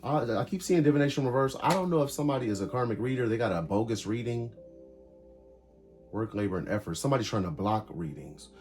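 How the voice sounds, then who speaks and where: Brief: male tarot reader, casual and emphatic, short card-by-card bursts, soft music underneath. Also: mid-range voice, fast. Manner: talks through cards in short bursts, animated and emphatic.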